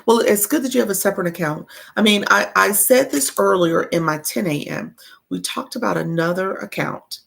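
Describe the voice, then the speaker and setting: A woman's voice: medium pitch, moderate pace, creaky, fairly bright tone, slightly rough. A woman coaching creators on a casual livestream, chatty and greeting her viewers as friends while reading their comments.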